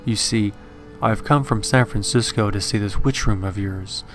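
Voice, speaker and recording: Man reads an intense, apologetic gentleman occultist in a spoken horror tale, low. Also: normal speed, faint music behind, close to an everyday voice. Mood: earnest. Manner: earnest and apologetic. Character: tall, lean, intense older male occultist.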